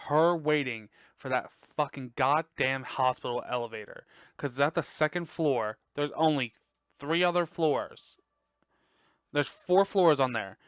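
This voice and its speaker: A man's voice: mid-range voice, a little slow, clean tone, no echo, clean studio sound. A young man hosting a podcast from his bedroom, chatting casually about a movie with lots of swearing and frequent laughter. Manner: profane, excitable, laughing often. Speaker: podcast host. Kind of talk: casual movie review chat. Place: dark bedroom at home.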